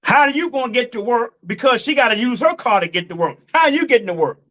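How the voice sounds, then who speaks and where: A man delivers preachy relationship commentary in a blunt, profane way, hammering each point home with repetition. His voice sits high for a man. The recording is dull and lo-fi. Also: lively intonation, fast talker, fairly bright tone. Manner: addresses listeners as folks and family.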